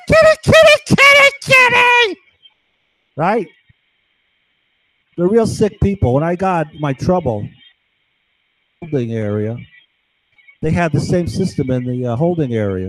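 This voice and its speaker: A man's voice: medium pitch, mellow, dry recording, rough recording. A man talking in a rambling, conspiratorial monologue to camera, acting out other people's voices as he goes. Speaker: vlogger.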